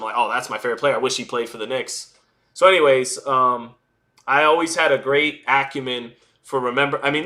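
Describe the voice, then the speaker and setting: A man's voice: medium pitch, bright, forceful tone. A man in his thirties hosting a livestream, rambling through nostalgic stories to his chat with many restarts. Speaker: livestream host. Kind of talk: casual storytelling to a live chat.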